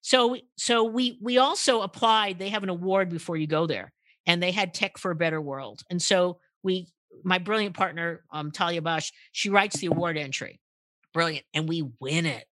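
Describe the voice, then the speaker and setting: Older woman guest, animated storyteller, bright voice, dry close mic. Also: moderate pace, no echo. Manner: acts out quotes with big pitch jumps, many restarts. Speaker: guest, purpose marketing consultant. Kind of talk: animated storytelling in a podcast interview.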